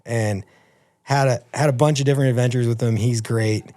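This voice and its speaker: A man's voice: mid-range voice, fairly even intonation, brisk, mellow. Profane storytelling man in his fifties. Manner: profane, rambling anecdotes. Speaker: podcast guest. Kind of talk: casual storytelling.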